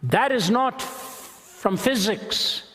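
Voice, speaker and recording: A man preaching a sermon with a dramatic, emphatic delivery and slow stressed phrases. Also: high voice, expressive, a bit bright. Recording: long hall reverb.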